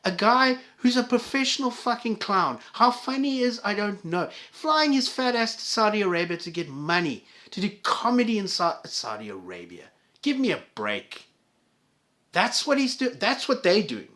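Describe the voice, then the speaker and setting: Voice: mid-range voice, very animated, moderate pace, sharp tone. A vlogger delivering an angry, profane solo rant to viewers, with heated stammering restarts.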